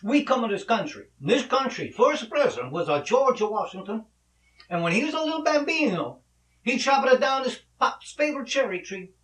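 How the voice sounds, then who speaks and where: A man's voice: very high voice, very animated, moderate pace, fairly bright tone, roomy sound, recorded from a distance, pitched above the performer's own voice, exaggerated voice. A man voicing a stern old Italian immigrant father in a put-on Italian accent and broken English. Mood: lecturing.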